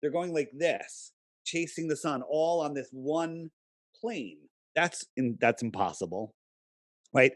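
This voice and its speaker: A man's voice: on the high side, lively intonation, takes it slowly, no room sound, studio quality. A man as a podcast guest, talking in a casual interview, emphatic and persuasive, often pressing his points with rhetorical questions.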